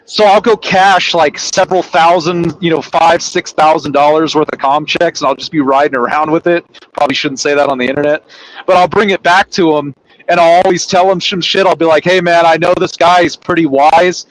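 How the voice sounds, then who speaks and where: A man's voice: on the high side, fairly even intonation, fairly quick, rough recording. A young man chatting casually on a podcast, telling rambling, profane stories and laughing as he goes. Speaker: podcast co-host, trucker. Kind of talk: casual chat.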